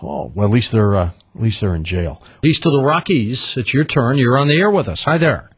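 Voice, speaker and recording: A man hosting a call-in radio show, quizzing callers in a lively, questioning way. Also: mid-range voice, breathy edge. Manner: lively, questioning, quick to laugh. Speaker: radio talk show host.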